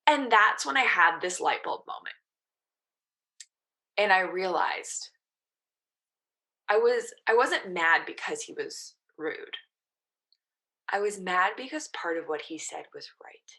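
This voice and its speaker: A woman's voice: mid-range voice, animated, takes it slowly, long pauses, sharp tone. A woman in her thirties, a mental performance coach, casually telling her story as a podcast guest and quoting her own past thoughts.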